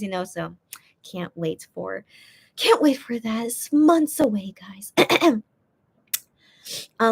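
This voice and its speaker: A young woman hosting a live stream, chatting casually and reading out viewer comments, rambling with many restarts and fillers. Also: on the high side.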